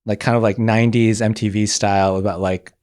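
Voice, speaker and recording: A man's voice: on the low side, a little fast. A man, an animator guest on a podcast, telling a story casually with lots of fillers and acted-out quotes. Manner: animated, acts out quotes, many filler likes.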